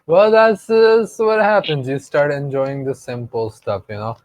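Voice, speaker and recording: A man's voice: on the high side, unhurried, a little mellow, dry recording. Teasing young man. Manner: teasing, laughing, emphatic "okay?". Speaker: podcast co-host. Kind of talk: casual chat.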